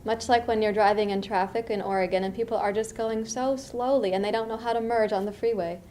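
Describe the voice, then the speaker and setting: Unhurried middle-aged woman meditation teacher. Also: medium pitch, a little hiss or hum. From US East Coast. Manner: reflective, unhurried, with lively asides. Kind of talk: dharma talk.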